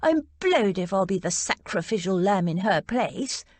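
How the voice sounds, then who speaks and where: A woman's voice: mid-range voice, big pitch swings, moderate pace, darkish tone, no echo. A woman voicing a spirited young woman in an audiobook, indignant and outspoken. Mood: scornful.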